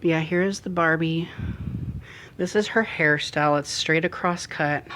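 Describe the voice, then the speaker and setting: A woman's voice: low-pitched, fairly even intonation, unhurried, a bit bright, a little hiss or hum. A young woman chatting casually on a live stream about her doll collection, repeating and correcting herself as she goes.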